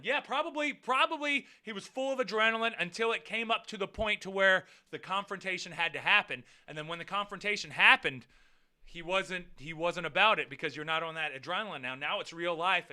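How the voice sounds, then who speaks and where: High, bright-voiced man telling a profane story. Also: fairly quick, clean tone. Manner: profane, animated, swings from mutters to near-shouting. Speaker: vlogger. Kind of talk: casual storytelling vlog.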